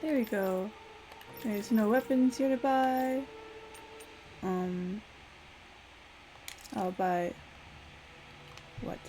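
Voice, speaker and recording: A woman's voice: mid-range voice, extremely slow, long pauses, dark tone, a little hiss or hum. A woman casually chatting and thinking aloud as she plays a video game, laughing often. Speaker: gamer playing a story game. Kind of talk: casual let's-play commentary.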